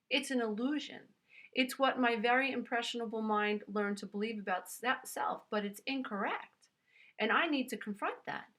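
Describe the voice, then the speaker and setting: A woman with a New York accent leads a motivational self-help talk in a bright, forceful voice. Her tone is earnest and emphatic. She pitches a little high and addresses the listener directly.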